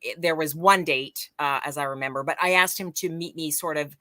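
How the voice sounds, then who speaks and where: A woman radio host talks casually, starting and restarting her thoughts. Her tone is bright and forceful. The sound is dry and close, with no room echo. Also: low-pitched, brisk. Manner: hesitant, with many fillers and restarts. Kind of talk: casual chat.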